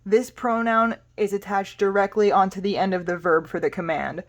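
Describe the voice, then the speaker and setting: A woman's voice: medium pitch, steady tone, moderate pace. Patient woman teaching a language lesson. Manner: patient, spells words out letter by letter. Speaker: Spanish teacher.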